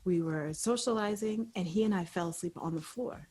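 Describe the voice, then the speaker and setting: Husky woman co-hosting a candid chat. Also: on the low side, normal speed, a little mellow. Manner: earnest, explains with long repeated examples. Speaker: podcast co-host.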